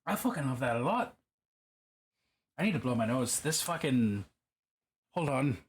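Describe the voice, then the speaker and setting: A man's voice: medium pitch, sing-song, unhurried. A man with a put-on Irish accent, hosting a casual livestream while painting miniatures, chatty and profane as he answers his chat. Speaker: livestream host.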